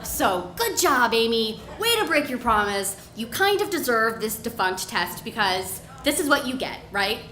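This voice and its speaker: A woman's voice: on the high side, very animated, moderate pace, hardly any pauses, bright, forceful tone, faint music behind. A woman in her thirties telling a personal story live on stage, acting out her own self-mocking inner voice. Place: bar with live audience. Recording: echoey room, faint ambience.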